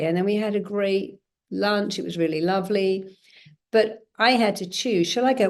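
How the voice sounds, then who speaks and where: A middle-aged woman, a therapist guest in an interview, acting out dialogue with lively shifts in her voice. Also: mid-range voice, moderate pace. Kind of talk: conversational interview.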